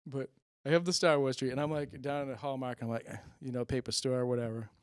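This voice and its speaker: A man's voice: mid-range voice, fairly even intonation, moderate pace, smooth, no echo, clean studio sound. A middle-aged man hosting a stand-up comedy monologue, rambling with self-deprecating, muttered asides. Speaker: comedian host.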